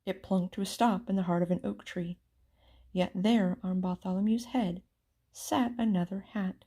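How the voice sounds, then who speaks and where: A woman reading a children's storybook aloud with expressive, theatrical narration. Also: medium pitch, normal speed, breathy edge. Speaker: storybook reader.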